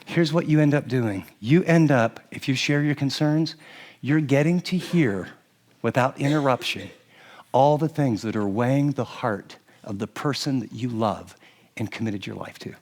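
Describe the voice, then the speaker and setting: A middle-aged man preaching on marriage, lively and laughing often as he acts out what husbands and wives might say. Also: medium pitch, normal speed. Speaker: pastor. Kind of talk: sermon on marriage to a live audience.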